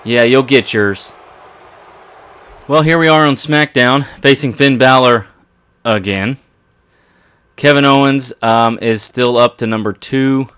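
Excitable man commentating a wrestling game. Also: medium pitch, takes it slowly, pauses often, smooth. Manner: excitable, trash-talking the opponent. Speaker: gaming commentator. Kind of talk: let's play commentary.

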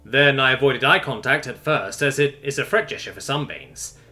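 A man voicing an easygoing young human man who talks softly and gently, coaxing a wary animal. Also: mid-range voice, moderate pace, lightly acted. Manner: soft, coaxing, casual. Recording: faint music underneath.

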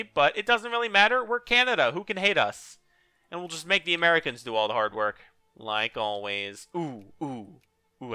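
Young male let's-player, slightly high, smooth voice, sarcastic game commentary. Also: no room sound. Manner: joking, sarcastic, excitable exclamations. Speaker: let's play gamer. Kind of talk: casual gameplay commentary.

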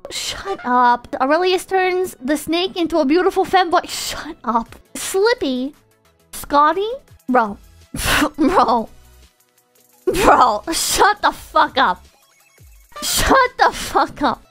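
Very high-pitched, bright-voiced woman streamer. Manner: excitable and profane, swinging between loud outbursts and deflated mutters. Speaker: live streamer. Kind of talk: casual live-stream chat with viewers.

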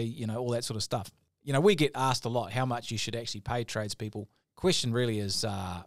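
A lively middle-aged New man hosts a podcast in casual chat. His voice sits at an ordinary middle pitch and sounds close and dry, with no room around it. He talks with energy and sometimes acts out the people he quotes. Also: brisk, hardly any pauses, no echo. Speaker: podcast host.

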